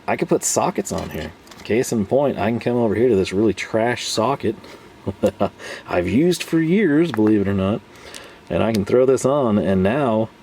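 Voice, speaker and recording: A man's voice: fairly low pitch, gravelly, warm tone, a little hiss or hum. A man chatting his way through a casual tool review, rambling and often laughing.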